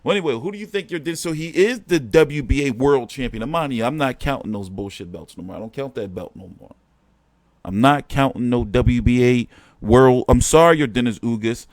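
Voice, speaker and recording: A man's voice: medium pitch, expressive, fairly quick, no room sound. A man hosting a boxing show, talking in a rambling, profane, slangy way while he complains during a casual live stream. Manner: slangy street talk.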